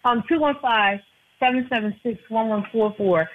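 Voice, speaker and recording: Calling in over a tinny phone line, an insurance agent joins a casual radio talk as a guest. She speaks earnestly at a moderate pace in a fairly high voice, repeating herself.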